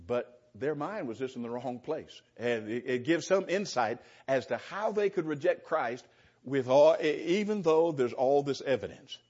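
A man's voice: mid-range voice, lively intonation, normal speed, a little mellow. A middle-aged man preaching a conversational Bible-teaching sermon, chuckling often and restarting his phrases as he explains verses. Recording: dull lo-fi sound.

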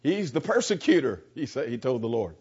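A man's voice: medium pitch, big pitch swings, a little fast, darkish tone, breathy edge. A man teaching a Bible class without a script, earnest and stumbling over repeated words as he goes. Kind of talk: unscripted Bible class lesson. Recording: dull lo-fi class recording.

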